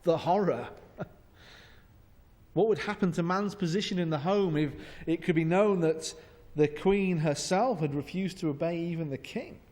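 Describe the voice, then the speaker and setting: A man's voice: a little high, moderate pace, darkish tone. A man preaching a sermon in a church, humorous and sarcastic. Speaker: pastor. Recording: long church reverb.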